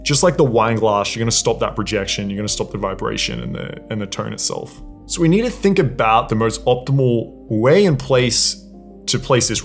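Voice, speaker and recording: A man's voice: mid-range voice, vocal fry. A young man giving a casual voice lesson, explaining breathing and resonance and demonstrating exercises. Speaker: dating and voice coach. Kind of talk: instructional talk to camera.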